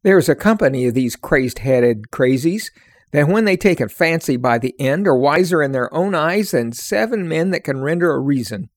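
A man's voice: on the high side, animated, normal speed, no echo, close to an everyday voice. A man reading aloud, voicing a stubborn, scornful male neighbor who blusters and mocks.

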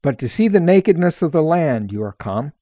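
Stern governor guy talking rough to strangers, man reading him, slow, dark mellow tone, dry sound. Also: a little high, big pitch swings, no room sound, pitched above the performer's own voice. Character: stern powerful male governor, harsh with strangers.

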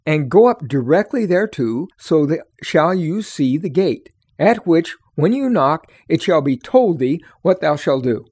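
A man's voice: fairly high pitch, big pitch swings, darkish tone, slightly rough, heavily acted. A man reading aloud, voicing a grave male guide who speaks solemnly in old-fashioned speech. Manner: solemn, measured, archaic speech.

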